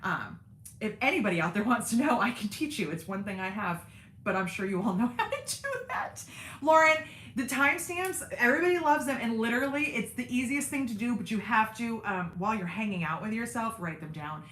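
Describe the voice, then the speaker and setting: A woman's voice: mid-range voice, lively intonation, fairly quick, a bit bright, roomy sound, a little hiss or hum. A woman hosting a casual livestream, chatting with her viewers by name in a self-deprecating way. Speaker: sewing channel host on a livestream.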